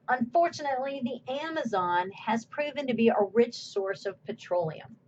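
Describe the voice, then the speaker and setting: A woman's voice: a little high, dull audio, slight background noise. A woman course instructor giving a recorded slide lecture in a conversational way, asking her own questions and answering them.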